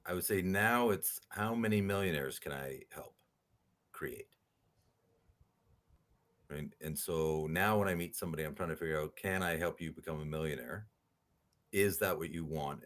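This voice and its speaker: A very deep-voiced man telling his stories as a guest on an interview podcast. He speaks in an animated way and keeps tagging his points with a quick "right?". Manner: animated storyteller, rhetorical "right?" tags. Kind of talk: storytelling interview talk.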